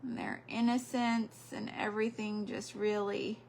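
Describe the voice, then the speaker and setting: A woman's voice: medium pitch, level tone, unhurried, creaky, darkish tone, a little hiss or hum. An older woman, chatting casually while crafting and counting beads under her breath on a livestream.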